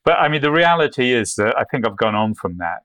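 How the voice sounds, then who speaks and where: A man's voice: medium pitch, big pitch swings, fairly quick, a bit bright, no room sound. Man telling adventure stories, dry sound. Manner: anecdotal, with frequent restarts and acted quotes. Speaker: guest, photographer. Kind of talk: storytelling interview answers.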